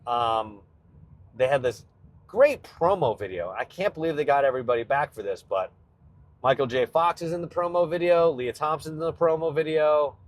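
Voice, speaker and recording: A man's voice: a little high, lively intonation, moderate pace. A male comedian hosting his own show, chatting casually and rambling about a film's guitar with nerdy enthusiasm, often cutting himself off mid-sentence. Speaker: comedian podcast host. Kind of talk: casual solo chat. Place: in a car on a road trip.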